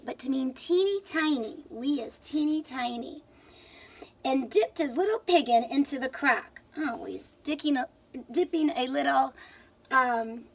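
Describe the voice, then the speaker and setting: A woman's voice: high-pitched, fairly bright tone. A woman teacher reading a picture book aloud to children, stopping to explain words and ask questions.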